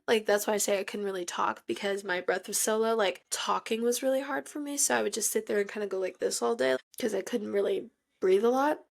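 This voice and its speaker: A woman's voice: mid-range voice, vocal fry. A young woman hosting a podcast, telling a personal story with emotion and frequent filler "like". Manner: emotional, heavy use of "like". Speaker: podcast host.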